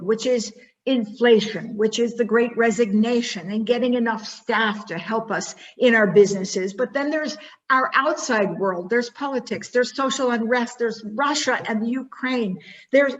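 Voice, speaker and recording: A woman speaking at a summit in a mid-range voice, telling her story with drama and sinking to hushed, soft guidance. The recording sounds dull and lo-fi. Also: mid-range voice. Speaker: keynote speaker. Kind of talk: storytelling keynote talk.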